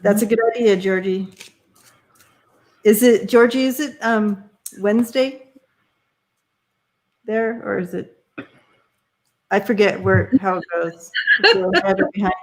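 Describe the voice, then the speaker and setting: A woman's voice: medium pitch, measured pace, long pauses. Playful woman greeting viewers. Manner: playful, talks to viewers by name. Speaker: co-host doing readings. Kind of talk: casual livestream chat.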